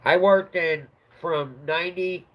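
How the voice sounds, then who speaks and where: Chatty rambling middle-aged man, slightly high. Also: fairly even intonation, unhurried, low-quality recording. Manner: chatty, rambling, laughs at his own story. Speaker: livestream host. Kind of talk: casual storytelling chat.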